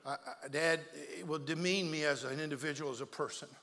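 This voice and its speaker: A man's voice: fairly high pitch, quick pace, a bit bright, long reverb tail, voice pushed down, natural voice. A preacher putting on a pompous boy refusing chores. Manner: grandiose, overly formal wording.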